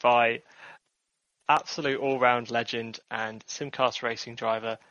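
Bright teasing man on a dull dry mic. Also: mid-range voice, little pitch movement, a little slow, no room sound. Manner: upbeat, teasing, laughs often. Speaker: podcast co-host. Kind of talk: casual chat. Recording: dull dry close recording.

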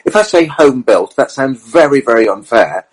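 A middle-aged man, a racing driver and co-host, telling lively anecdotes in casual chat and quoting others as he goes. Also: medium pitch, moderate pace, slightly rough, low-quality recording. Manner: lively storyteller, quotes others, self-corrects.

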